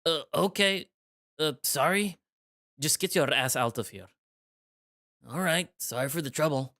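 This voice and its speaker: A nervous, eager young man from a visual novel, voiced by a man reading it aloud. He talks in a lifted, louder voice that trips over itself when he gets flustered. He sounds like a hero trying hard to seem casual. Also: a little high, a little slow, voice pushed up. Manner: eager, slightly flustered delivery.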